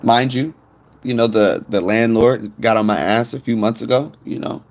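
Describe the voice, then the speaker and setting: A man's voice: medium pitch, fairly even intonation, moderate pace. A man telling a rambling, profane story to viewers on his phone stream.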